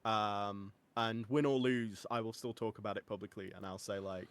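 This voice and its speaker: A young man on a podcast, chatting excitedly and laughing easily as he tells stories. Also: fairly low pitch, slight background noise. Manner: excitable, quick to laugh, lively storytelling. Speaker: guest. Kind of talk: casual podcast chat.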